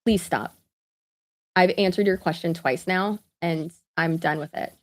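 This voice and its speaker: A woman's voice: lowish voice, a little slow. A woman, chatting casually on a live stream with lots of asides, fillers and laughter. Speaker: vlogger.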